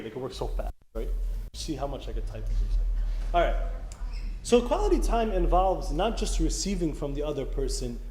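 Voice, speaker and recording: With a fairly high, dark-toned voice, a man preaches to a church youth meeting in a relaxed, chatty style, regularly turning questions back on the crowd. The recording captures an echoey hall and faint background noise.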